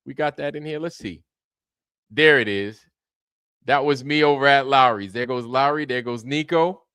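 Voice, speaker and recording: A man's voice: mid-range voice, normal speed, bright, forceful tone, clean tone, no echo. A man hosting a casual livestream, greeting viewers by name in a loose, repetitive way with plenty of slang. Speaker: livestream host.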